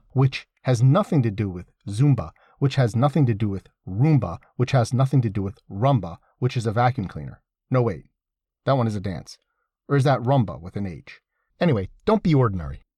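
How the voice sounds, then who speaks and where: A man reads a scripted essay in a husky voice that rises and falls with lively emphasis, tossing in wry, sardonic asides. The sound is dry and close, with no room around it. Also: on the low side, normal speed, dry recording. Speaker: essay reader.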